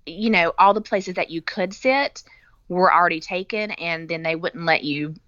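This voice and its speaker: A woman's voice: fairly low pitch, moderate pace, a bit bright, dry recording, dull audio. A middle-aged woman telling stories in a casual chat, with sarcastic asides. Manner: chatty storytelling, sarcastic asides.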